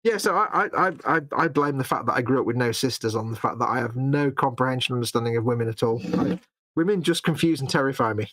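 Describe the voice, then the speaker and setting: A well-spoken English man with a faint Manchester accent, talking quickly in casual banter. He turns jokes on himself with easy, rapid patter. The sound is close and dry. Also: mid-range voice, lively intonation, a bit bright, dry recording. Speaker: co-host. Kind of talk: casual late-night chat.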